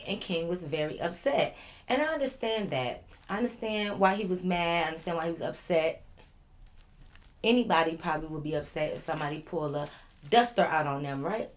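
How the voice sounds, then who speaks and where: A woman vlogger telling a casual storytime straight to her viewers from her living room, chatty with lively asides. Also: on the low side.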